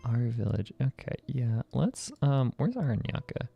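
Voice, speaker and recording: A man's voice: medium pitch, very animated, measured pace, gravelly, husky, muffled recording, faint music behind. A young man streaming a game, chatting casually with his chat in a rambling way, laughing often and full of fillers and restarts. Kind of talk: casual chat while gaming, reading chat.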